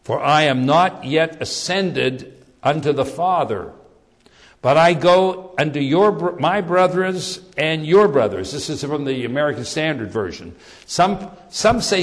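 A man preaching a sermon, reading and explaining scripture, often repeating words and slowing down for emphasis. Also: fairly high pitch, animated, in a large hall.

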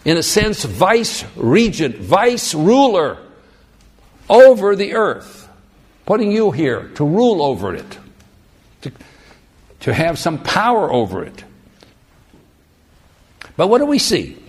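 A male preacher delivering a sermon with lively swings in pitch and a slightly high voice. He drives his points home with rhetorical questions and emphatic repetition. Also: slow pace, pauses often, husky.

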